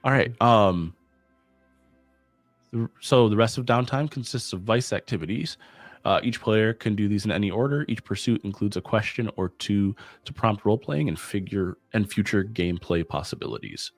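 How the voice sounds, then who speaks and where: A young man acting as game master, reading out rules in an even, measured way. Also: on the low side, dry recording, soft background music. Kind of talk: explaining game rules at a tabletop session.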